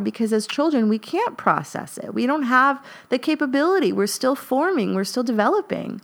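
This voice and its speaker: A woman's voice: on the high side, lively intonation, normal speed, creaky, hardly any pauses. Podcast host, female, earnest and reflective, casual confessional talk. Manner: earnest, lots of fillers, rising emphasis.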